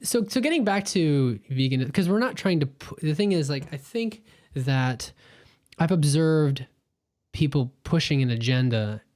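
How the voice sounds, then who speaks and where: Podcast guest chatting casually, throws in quick asides and questions, mid pitch. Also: animated, darkish tone. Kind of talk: casual interview chat.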